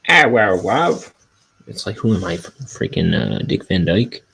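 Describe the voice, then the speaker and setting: A man's voice: deep voice, very animated, normal speed, vocal fry, pushed and bright, breathy edge, low-quality recording. A man chatting casually and rambling while he inks his graphic novel, often poking fun at himself. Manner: rambling, self-deprecating. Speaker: cartoonist inking a graphic novel. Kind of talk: casual chat while working.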